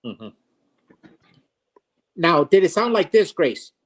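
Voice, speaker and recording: Teasing man, high voice, casual group chat. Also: big pitch swings, slow, fairly bright tone. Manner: teasing, prodding others to do impressions.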